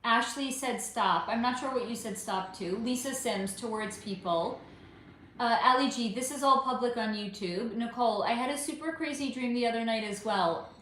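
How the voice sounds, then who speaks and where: A woman's voice: a little high, normal speed, a little hiss or hum. A woman hosting a spiritual livestream, chatting animatedly with viewers and answering their comments. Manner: animated, chatty, swears and exclaims, reads viewer names. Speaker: spiritual reader and livestream host. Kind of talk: casual livestream chat reading comments. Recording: echoey room.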